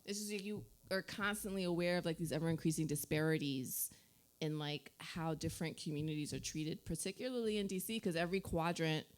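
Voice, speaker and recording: A woman's voice: low voice, brisk. A woman in her thirties from New Jersey, hosting a casual radio chat show in a studio, talking loosely with lots of "like" and frequent laughs. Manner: chatty, heavy use of "like", laughs often. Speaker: host.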